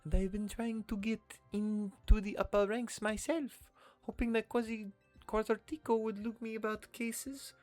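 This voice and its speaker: A man voicing an eager young female trainer from a game, raising his voice noticeably higher. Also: flat delivery, normal speed, a little mellow, faint music behind, lightly acted. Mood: curious.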